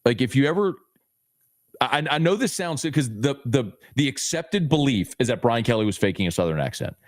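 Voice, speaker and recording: A man talks on a podcast as a guest, emphatic and teasing, his voice jumping high when he presses a point. His pitch sits mid-range. The line is dry, with no room sound around him. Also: sing-song, no echo. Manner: emphatic, teasing, rapid bursts. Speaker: sports radio host, guest. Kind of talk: animated podcast chat.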